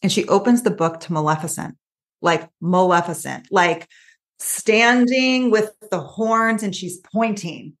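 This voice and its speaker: A woman coach, a guest on an interview podcast, telling stories in a quick, animated way with lots of asides. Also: medium pitch. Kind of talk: casual interview chat.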